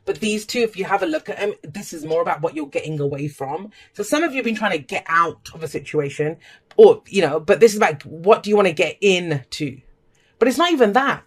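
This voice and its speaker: A tarot reader giving a casual, emphatic reading to camera, talking straight to viewers with blunt language and pep-talk encouragement. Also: medium pitch. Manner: blunt and emphatic, swears freely.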